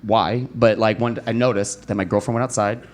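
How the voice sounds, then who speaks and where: A young man performing a stand-up comedy set at a comedy club, telling a story and acting out quoted voices. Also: a little fast. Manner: animated storytelling, acting out quotes with pitch jumps. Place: comedy club stage before a live audience.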